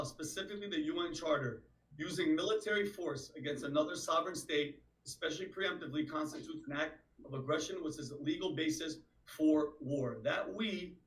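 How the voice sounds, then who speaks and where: Hesitant male co-host, high voice. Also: fairly bright tone, echoey room, distant mic, low-quality recording. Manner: hesitant starts with fillers and restarts. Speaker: co-host of the stream. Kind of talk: casual political commentary.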